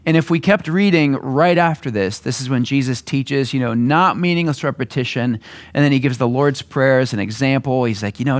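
A man delivers a sermon in an easygoing, conversational manner. His voice sits at an ordinary middle pitch, and he acts out brief voices now and then to make his points. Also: animated, normal speed. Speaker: preacher.

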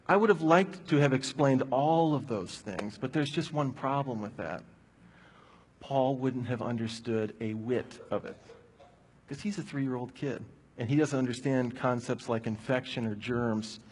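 A man's voice: mid-range voice, darkish tone, a little hiss or hum. A man preaching a sermon, telling a personal story in a conversational way before drawing his point from it. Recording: long hall reverb.

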